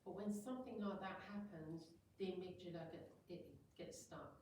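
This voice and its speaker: A woman's voice: fairly low pitch, moderate pace, background noise. Echoey, far-off woman giving a talk. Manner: chatty, acts out little scenes in quoted voices. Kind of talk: informal talk to an audience. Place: meeting room with an audience. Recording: very echoey room, voice far from mic.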